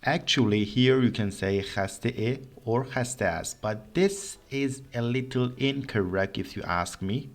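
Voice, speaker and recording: A man teaching a beginner Persian lesson, explaining slowly and repeating example phrases. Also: medium pitch. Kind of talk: online language lesson.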